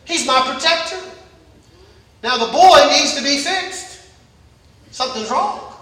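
A high, bright-voiced preacher delivering a Sunday sermon, repeating phrases and rising into shouts. The voice rings around a very echoey church and is picked up from a distance. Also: animated, a little slow. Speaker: pastor. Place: church service.

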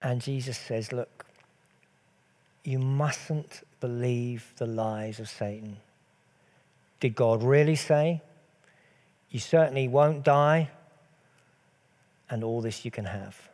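Mellow-voiced male preacher. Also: medium pitch, takes it slowly, long pauses. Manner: earnest, rhetorical questions, swells and drops in volume. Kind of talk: sermon.

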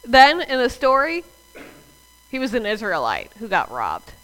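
A woman preacher from the US South delivers a sermon conversationally, speaking straight to the congregation. Her fairly high voice swings hugely in pitch, is unhurried and a bit bright, and the recording is low quality.

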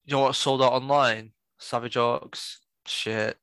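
A man's voice: medium pitch, steady tone, measured pace, a bit bright, clean tone, no echo. A young man co-hosting a podcast, bantering casually with lots of swearing and jokes. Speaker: podcast co-host. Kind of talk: casual chat.

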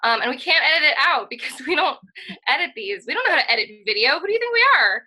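A woman's voice: high-pitched, very animated, quick pace, sharp tone, poor audio. A woman co-hosting a casual podcast chat, earnest and enthusiastic, talking in a rambling way full of "like" and "um". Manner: rambling, filler-heavy, frequent "like" and "um". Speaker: podcast co-host.

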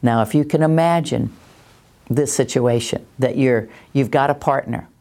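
A woman, a parenting educator giving a calm, reassuring talk that answers questions and acts out little scenes. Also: a bass voice, moderate pace. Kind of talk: teaching talk, Q&A.

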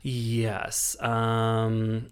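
Laughing, animated man chatting. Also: very slow, smooth. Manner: animated storyteller, breaks into high-pitched quoted voices and laughs often. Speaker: podcast host. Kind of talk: casual chat.

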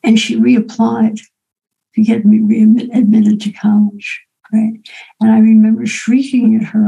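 A woman in her eighties telling a personal story to an audience, unhurried and reflective, often adding "right?" to her sentences. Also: fairly high pitch, little pitch movement, gravelly, mellow, slightly rough, low-quality recording. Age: 80s.

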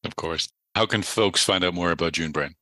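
A man's voice: low-pitched, normal speed, bright, forceful tone, no echo. A man hosting a podcast, loose and jokey as he moves between guests and segments. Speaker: podcast host.

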